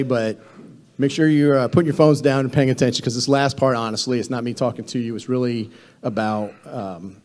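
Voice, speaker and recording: A man's voice: mid-range voice, steady tone, a little fast, darkish tone. A man presenting a government contracting training session to a room of attendees, speaking conversationally with frequent fillers and restarts.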